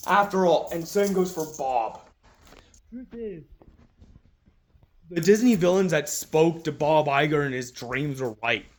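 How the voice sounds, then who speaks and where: A man's voice: a little high, a little slow, long pauses. A man ranting in an angry, profane, mocking commentary, talking into a phone.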